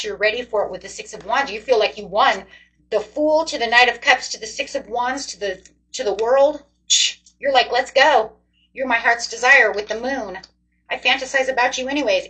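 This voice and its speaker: A woman's voice: on the high side, fairly bright tone, rough recording. A woman doing a casual tarot reading, talking straight to her viewers in a chatty, emotive way. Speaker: tarot reader.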